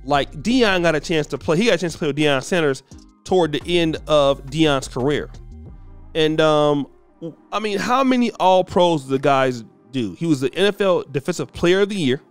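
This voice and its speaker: Emphatic commentary host, high lively voice. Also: male voice, normal speed, clear, resonant tone, faint music behind. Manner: emphatic, repeats words, preachy. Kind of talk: casual commentary.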